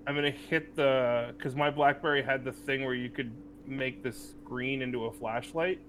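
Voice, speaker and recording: A man at a gaming table speaks in an easygoing, dry way, unhurried in his replies. His mid-pitched voice comes with a faint hum behind it. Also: steady tone, fairly bright tone. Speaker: player. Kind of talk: casual tabletop play.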